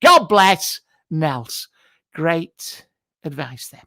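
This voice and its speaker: A man's voice: fairly high pitch, very animated, extremely slow, creaky, no room sound, full character voice. Man doing Clinton Baptiste, brash camp psychic. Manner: blunt, rude, mock-mystical, shouts greetings. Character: brash, camp middle-aged male TV psychic. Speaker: host of a live psychic show. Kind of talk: comic improvised live stream. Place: home garage.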